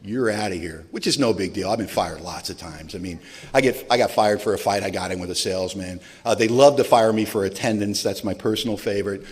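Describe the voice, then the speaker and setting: A man in his forties shares his story from a stage, low-voiced and dry-humored about himself. His voice rings out with the long echo of a big hall. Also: fast, slightly rough. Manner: self-deprecating, humorous storyteller. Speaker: recovery meeting speaker. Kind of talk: personal recovery story told to an audience. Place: large event hall. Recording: long reverb of a large hall.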